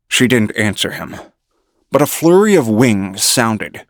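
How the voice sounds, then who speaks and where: A man reading an audiobook in measured first-person narration. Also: lowish voice, sing-song, dry recording, studio quality.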